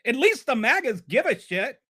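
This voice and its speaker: A man's voice: very high-pitched, big pitch swings, moderate pace, a bit bright, slightly rough. A man hosting a live stream and ranting about politics. He is heated and sarcastic, and he stumbles and repeats words when he gets flustered.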